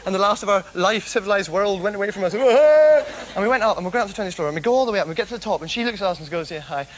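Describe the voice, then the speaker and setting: A man rattles through a comic anecdote in a high, quick voice. He giggles and restarts constantly, rambling on manically. The recording carries a clear layer of background noise. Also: animated. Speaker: comedian host. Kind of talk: rambling stand-up storytelling.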